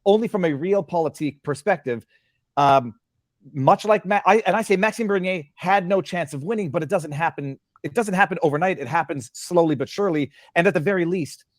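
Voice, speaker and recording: A man's voice: high-pitched, fairly quick, no room sound, studio quality. A middle-aged man hosting an interview, hesitant and stammering when he is cut off. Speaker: interview host. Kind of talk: conversational interview.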